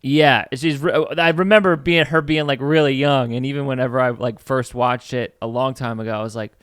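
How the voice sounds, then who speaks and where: A man's voice: medium pitch, fairly even intonation, a little fast, a bit bright, clean tone, no echo, clean studio sound. A young man chatting casually as a podcast co-host, rambling with many fillers. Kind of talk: casual chat.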